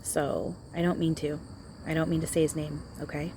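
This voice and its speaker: A woman's voice: sits low, little pitch movement, moderate pace, noisy background. A woman talking outdoors in a channeling vlog, hesitant and reassuring, often repeating herself. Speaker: spiritual channeler.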